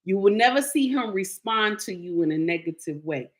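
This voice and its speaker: A woman vlogging casual commentary, telling stories in an animated, emphatic way. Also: mid-range voice, normal speed.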